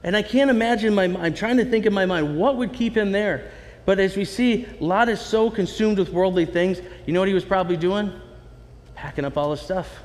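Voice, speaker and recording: A man preaching a sermon in a conversational, animated way, with asides to the congregation. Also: high-pitched, a little fast, long reverb tail. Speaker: pastor.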